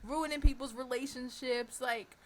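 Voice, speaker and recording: A woman hosting a podcast in casual chat, animated, laughing often and using lots of fillers. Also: high voice, normal speed, noisy background. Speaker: podcast host.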